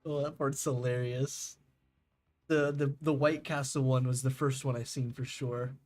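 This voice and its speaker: A man's voice: medium pitch, little pitch movement, unhurried, darkish tone, soft background music. A young man streaming a game, chatting casually with viewers, rambling and laughing, swearing freely.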